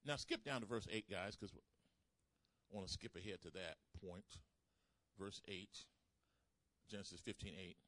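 A man preaching a sermon, calling out to the congregation and swinging between loud emphasis and soft asides. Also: deep voice, measured pace, pauses often, no room sound. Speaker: pastor.

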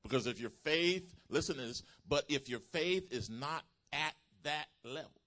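A man preaching a sermon, retelling a healing testimony and building to loud, emphatic calls to the congregation. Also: on the high side, expressive, a little slow.

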